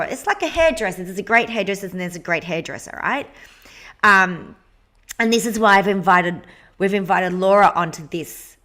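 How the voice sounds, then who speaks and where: A woman co-hosting a relaxed podcast conversation, open and lively in her delivery. She speaks candidly and drops swear words freely. Her pitch sits in a middling range for a woman. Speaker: podcast co-host. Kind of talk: casual conversational interview.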